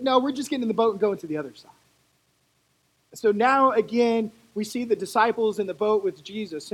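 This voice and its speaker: Brief: preacher, husky tone, chatty sermon delivery with asides. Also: medium pitch, poor audio. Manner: conversational, animated storytelling with asides.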